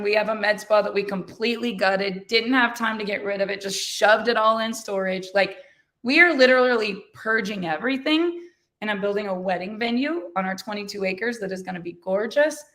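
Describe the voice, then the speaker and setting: A woman's voice: mid-range voice, fairly bright tone. A middle-aged woman hosting a podcast, who gives an earnest, repetitive motivational talk. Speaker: podcast host.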